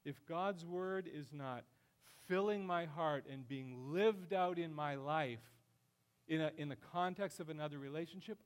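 A middle-aged man preaching a sermon with passion, his voice swelling loud and high as he drives his points home. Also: measured pace, clear, resonant tone. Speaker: pastor.

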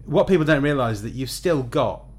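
A man's voice: medium pitch, expressive, brisk, husky. A man hosting a podcast, asking long, rambling questions in a casual interview. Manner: rambling, thinks aloud while framing questions. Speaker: podcast host.

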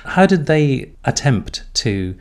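A man interviewing a guest for a podcast, asking his questions in a measured, conversational way. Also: medium pitch, big pitch swings, gravelly.

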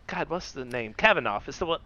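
A man with a bright, slightly higher voice chats on a podcast, full of quick wry asides. He is recorded on a dry, dull lo-fi mic with no room sound. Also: animated, dry recording. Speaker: podcast co-host. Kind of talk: casual chat.

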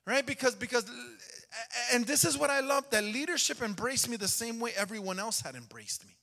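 High, bright-voiced man preaching in a reverberant hall. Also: lively intonation, brisk. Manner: conversational preaching, asks for amens. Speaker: pastor giving a testimony. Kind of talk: sermon testimony. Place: church sanctuary.

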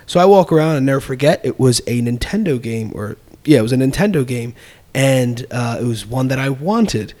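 A middle-aged man telling a personal story in casual conversation, animated and laughing as he acts out quoted voices. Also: medium pitch, fairly quick.

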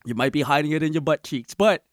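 A man's voice: a little high, fast, dry recording, studio quality. A man hosting a podcast, telling a comic story in casual slang and laughing often. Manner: animated, laughs often, slangy, jumps into shouted quotes. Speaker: podcast host.

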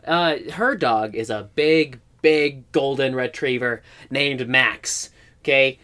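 A man on a comedy podcast pitching an improvised scene, telling it in an animated way and popping into shouted character voices. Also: slow pace. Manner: animated storytelling, jumps into shouted put-on voices.

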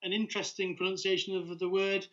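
A man's voice: sits high, completely flat delivery, fast talker, a bit bright. A man co-hosting a podcast in casual chat, hesitant and full of fillers. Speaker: podcast co-host. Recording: dull lo-fi sound.

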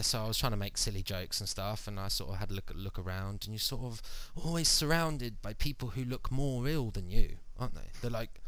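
A man's voice: fairly low pitch, brisk, hardly any pauses, a bit bright, no echo. A man hosting a podcast, telling a long story casually with many fillers and acted-out quotes. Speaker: podcast host. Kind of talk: casual chat.

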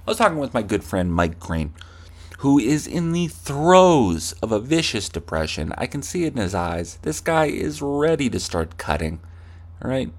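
A man's voice: mid-range voice, big pitch swings, normal speed. A young man hosting a comedy podcast, ranting profanely and acting out heated arguments with himself. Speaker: podcast host. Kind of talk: comedic rant.

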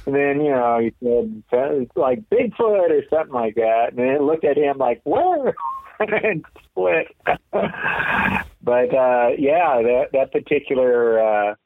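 A man's voice: medium pitch, normal speed, hardly any pauses, no room sound. Jokey man on a tinny phone-like line. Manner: jokey, laughing while telling gags. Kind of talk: casual joking chat.

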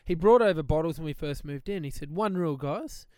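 A man's voice: a little high, brisk, a little mellow, dry recording, clean studio sound. A young adult man telling a story on a podcast, laughing often and acting out the voices he quotes. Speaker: podcast co-host. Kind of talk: casual storytelling chat.

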